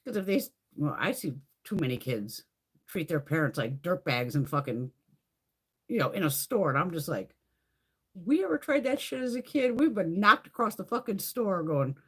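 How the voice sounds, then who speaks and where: This is a woman in middle age hosting a casual live stream. Her voice has a husky, breathy edge and leaps around in pitch as she tells stories. She swears freely and laughs often. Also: moderate pace. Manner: profane, animated storytelling with frequent laughs. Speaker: livestream host.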